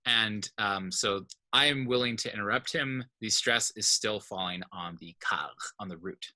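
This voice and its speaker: Here a man with a lowish, sharp-toned voice talks at a regular pace while running an informal language class online. He explains each point in sequence and regularly checks in with the students.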